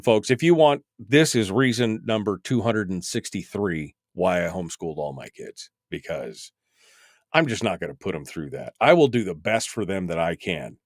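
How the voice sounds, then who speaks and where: A man's voice: lowish voice, no echo, studio quality. A man in his fifties hosting a talk radio show, delivering a wry, exasperated, rambling monologue full of asides. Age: 50s.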